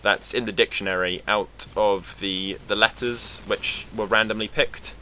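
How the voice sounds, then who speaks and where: A young Englishman with a British accent rambles sarcastically through a casual vlog, swearing freely. His fairly low voice still comes across bright and forceful, with a steady tone and measured pace. A faint hiss of background noise fills the room.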